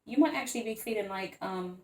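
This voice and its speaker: A woman's voice: mid-range voice, a little fast, slight background noise. Playful chatty woman reading tarot, echoey room. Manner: playful, rambling, chatty, with frequent laughs and fillers. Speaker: tarot card reader. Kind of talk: casual tarot reading to camera.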